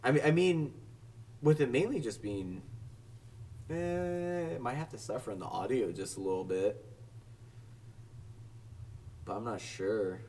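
A man's voice: medium pitch, lively intonation, unhurried, long pauses, warm tone, slight background noise. A young man co-hosting a casual podcast chat, laid-back and swearing often. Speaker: podcast co-host. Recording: distant from the mic.

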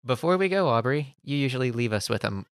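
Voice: medium pitch, expressive, fast, smooth, no room sound. A podcast host in casual chat, nitpicking and pedantic about details, on a close mic.

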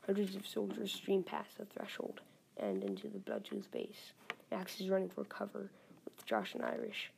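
Woman reading a war story out loud, really creaky gravelly voice, stumbles and fixes words, faint hiss behind. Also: medium pitch, sing-song. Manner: halting, self-correcting reading. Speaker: story reader.

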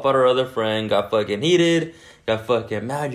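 A man's voice: medium pitch, animated, moderate pace. A man casually telling a long story in a podcast chat, swearing constantly and rambling. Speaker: podcast co-host.

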